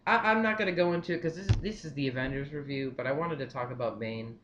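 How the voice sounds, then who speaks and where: A young man giving his movie opinions in a casual vlog, rambling and excitable, repeating himself often. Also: fairly high pitch, quick pace, noisy background. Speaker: vlogger.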